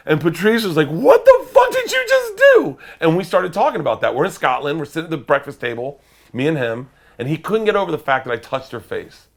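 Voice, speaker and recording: Homem contando histórias, animado e palavrão. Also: male voice, medium pitch, creaky. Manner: loud, swearing, acts out voices and shouts in stories. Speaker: comedian guest. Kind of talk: animated storytelling.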